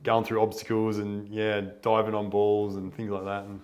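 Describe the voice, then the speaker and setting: A man co-hosting a casual chat, relaxed and trailing off at the ends of his phrases. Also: fairly low pitch, moderate pace, muffled recording. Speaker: co-host, bodywork therapist.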